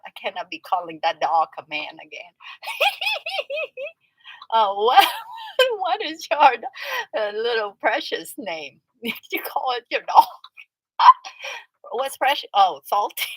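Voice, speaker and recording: A woman's voice: on the high side, wildly swooping pitch, slow, pauses often, fairly bright tone, slightly rough, no echo, rough recording. A woman hosting a casual livestream, chatting and teasing as she reacts to viewer comments and laughs often. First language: Vietnamese. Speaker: livestream host.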